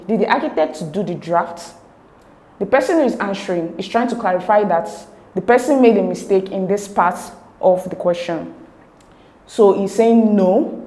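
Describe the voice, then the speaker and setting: A woman tutor explaining exam answers step by step, slowly breaking words into syllables. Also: fairly low pitch, darkish tone. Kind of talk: explanatory lesson walking through exam answers.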